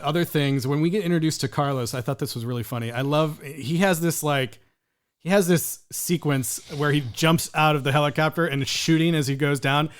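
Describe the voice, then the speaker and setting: Chatty podcast host, slightly high voice. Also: male voice, a little fast, smooth. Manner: chatty, laughing asides. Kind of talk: casual chat.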